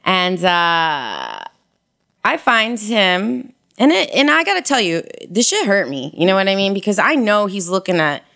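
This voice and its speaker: A woman frankly telling a personal story in casual conversation, animated and full of slang. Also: mid-range voice, a little slow, gravelly.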